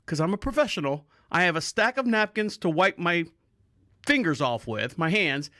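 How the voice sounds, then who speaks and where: A man's voice: a little high, animated, moderate pace, pushed and bright, dry recording, clean studio sound. A man hosting a podcast, telling a rambling story in casual talk, swearing freely and laughing often. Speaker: podcast host.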